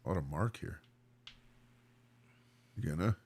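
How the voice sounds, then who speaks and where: A man's voice: a bass voice, animated, a little slow, a little mellow, slight background noise. A man hosting a livestream in casual chat, greeting viewers one by one with friendly banter. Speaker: livestream host.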